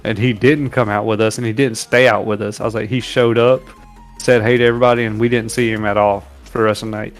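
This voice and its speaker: Man telling loud barracks stories. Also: on the low side, quick pace, faint music behind. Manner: animated, acts out shouted quotes while telling war stories. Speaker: podcast co-host. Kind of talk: casual storytelling on a livestream.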